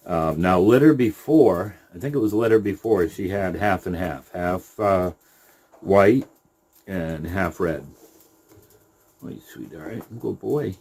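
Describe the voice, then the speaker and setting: A middle-aged man, a rabbit breeder, giving a casual video update in an unhurried, halting way, now and then softly cooing to his animals. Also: deep voice, slightly rough.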